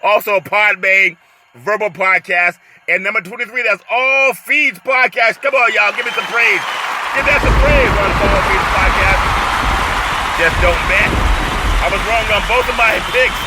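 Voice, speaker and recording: A man running his own sports talk show with booming enthusiasm, calling out for praise and laughing between points. His voice sits a little high for a man. A clear hiss of background noise runs under it. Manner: exuberant, hyped, calls for praise, laughs often.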